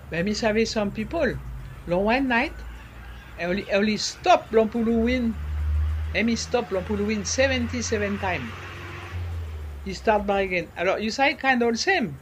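A man, explaining things in an interview in a halting way, repeating words and slipping into French. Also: sits high, slight background noise. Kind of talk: conversational explaining.

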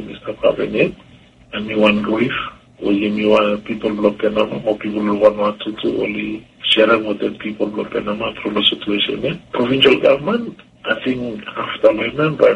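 A man, a provincial official speaking slowly and solemnly in a news interview. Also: lowish voice, vocal fry, fairly bright tone. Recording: dull recording with faint noise.

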